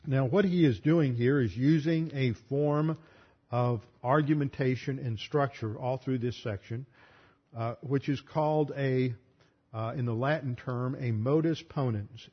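A man's voice: mid-range voice, unhurried. A man teaching a Bible study lecture, working through an argument step by step and spelling out terms. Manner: methodical, explanatory, spells out terms. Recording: muffled lo-fi recording.

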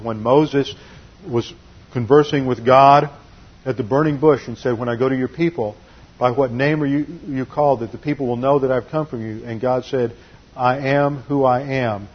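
A man's voice: mid-range voice, husky, highs cut off. A man preaching a sermon, teaching carefully and explaining the meanings of Greek and Hebrew words.

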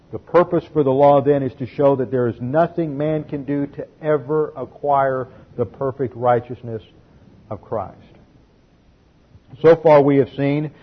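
A man with a husky, slightly breathy voice teaches scripture verse by verse, methodical and explanatory, pausing to break down Greek words. The recording sounds dull and lo-fi, like an older taped sermon. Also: medium pitch. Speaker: Bible teacher.

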